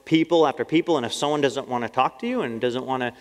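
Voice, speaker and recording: A man giving a lively storytelling talk as a missionary, acting out his own quoted lines and laughing often. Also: medium pitch, fast talker. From Canada. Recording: long hall reverb.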